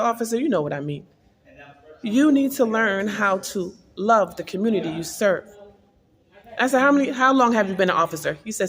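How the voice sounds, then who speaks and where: A woman's voice: medium pitch, in a large hall. A woman vlogger earnestly telling an emotional personal spiritual testimony.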